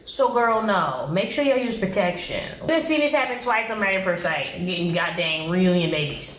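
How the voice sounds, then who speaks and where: A woman's voice: lowish voice, lively intonation, normal speed, few pauses, fairly bright tone, slight background noise. A young woman giving casual reality TV recap commentary, blunt, slangy and exasperated. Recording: roomy echo.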